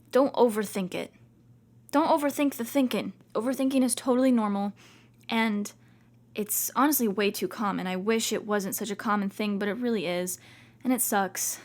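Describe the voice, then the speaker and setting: Chatty young woman podcast host. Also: on the high side. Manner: chatty, reassuring, self-talking with many "like"s. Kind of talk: casual self-help talk.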